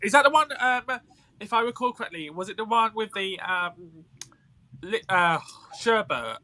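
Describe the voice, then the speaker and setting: A high, bright-voiced British man chatting as a podcast co-host. He talks in an animated, rambling way, with lots of fillers and restarts, into a home mic on a live stream. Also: normal speed. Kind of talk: casual chat.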